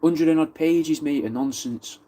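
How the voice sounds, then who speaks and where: A man's voice: fairly high pitch, a little slow, dark tone. Chatty swearing Mancunian man. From Wythenshawe, Manchester. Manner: chatty, swearing, replies to viewer comments. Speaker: livestream host. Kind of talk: casual live-stream chat.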